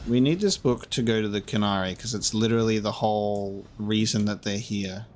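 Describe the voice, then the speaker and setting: A man's voice: fairly low pitch, normal speed, slight background noise. A man giving casual gameplay commentary, chatty and self-mocking, swearing and laughing often. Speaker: let's play gamer. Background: faint game music.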